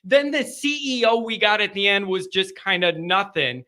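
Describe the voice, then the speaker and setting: A man's voice: high-pitched, moderate pace, sharp tone. A man hosting a live sports call-in show, chatting casually with rambling asides, laughter and self-interruptions.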